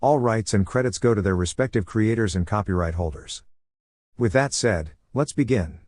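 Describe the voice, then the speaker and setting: A man hosting a storytelling channel, reading a fan story in smooth, even scripted narration. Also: fairly low pitch, moderate pace, no echo.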